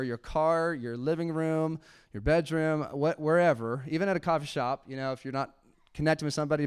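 A young man with a smooth, clear voice preaches a relaxed sermon to a congregation. He is conversational and playful, laughs easily, and slips into a soft, hushed tone when he demonstrates quiet prayer. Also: mid-range voice. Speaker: pastor. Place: church sanctuary before a congregation.

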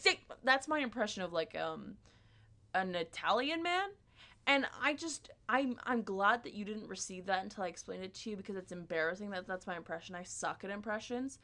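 A woman's voice: medium pitch, moderate pace, a bit bright. A woman delivering a rambling, self-deprecating comedic monologue, full of "like" and restarts.

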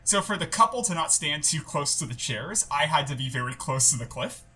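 A man's voice: a little high, animated, a little fast, pushed and bright, breathy edge. A young man co-hosting a podcast, telling a rambling story with lots of fillers in casual chat. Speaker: podcast co-host.

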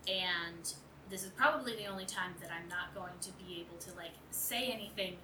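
Woman plays loyal male coworker, earnest, halting; far-off mic in a roomy space. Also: fairly low pitch, close to an everyday voice. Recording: roomy distant noisy home recording.

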